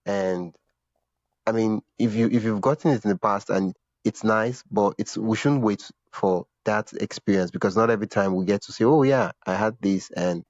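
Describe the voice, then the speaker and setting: A man hosting a podcast, with a voice a little on the low side. He talks casually and often restarts his sentences. The sound is dry and a bit dull, like lo-fi audio. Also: fairly even intonation, normal speed, darkish tone, no room sound. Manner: searching for words, repeats himself, laughs now and then. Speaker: podcast host. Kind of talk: conversational interview.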